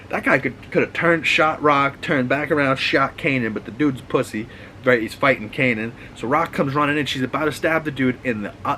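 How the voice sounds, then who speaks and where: A man's voice: mid-range voice, sharp tone, a little hiss or hum, rough recording. A man with a Boston accent hosting a casual, rambling, profane recap of TV shows, full of restarts. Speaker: host.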